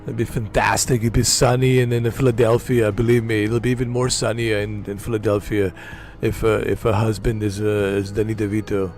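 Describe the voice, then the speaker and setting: A man's voice: on the low side, flat delivery, fairly quick, hardly any pauses, a little mellow, faint music behind, close to an everyday voice. A man doing an impression of a boastful, aging male action-star bodybuilder, in a rambling, self-mocking way. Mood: playful boasting.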